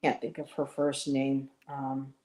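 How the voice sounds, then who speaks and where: A woman's voice: very deep voice, monotone, unhurried, crowd noise. A woman from western New York with a Buffalo accent, chatting and telling stories on a live stream. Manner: chatty storyteller, voices others in anecdotes. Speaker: stream co-host. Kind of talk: casual live-stream chat. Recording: roomy echo.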